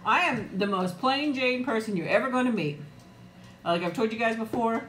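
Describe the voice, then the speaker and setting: A woman's voice: fairly high pitch, lively intonation, moderate pace, fairly bright tone, roomy sound, slight background noise. A middle-aged woman chatting casually on a live eating stream, greeting viewers by name and laughing often. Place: room at home. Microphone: new external mic, close.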